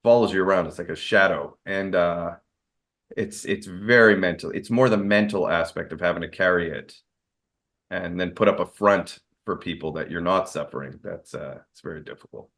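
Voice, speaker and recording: Interview guest: man, low voice, candid, loose rambling delivery. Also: normal speed, fairly bright tone. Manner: candid, rambling with fillers and restarts. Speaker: guest, martial arts expert. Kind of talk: casual interview storytelling.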